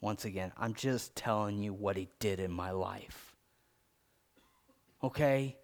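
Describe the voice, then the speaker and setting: This is a man's sermon, animated and theatrical in its handling of scripture quotes. He shifts sharply between loud, quick lines and slow, low readings in King James English, with wide swings in pitch and volume.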